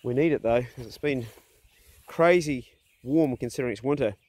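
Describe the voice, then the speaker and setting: In a casual vlog, a middle-aged man who hunts talks into his phone camera outdoors on a rural property at normal speed, his mid-range voice a little mellow. He comes across easygoing and blunt, swears mildly, and often coaxes his dogs in a raised voice.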